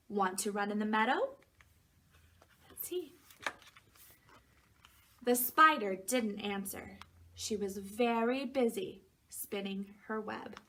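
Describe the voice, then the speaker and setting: A woman preschool teacher reading a picture book aloud to young children. She asks them gentle questions, waits for their answers, and acts out the animal noises in a raised voice. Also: fairly high pitch.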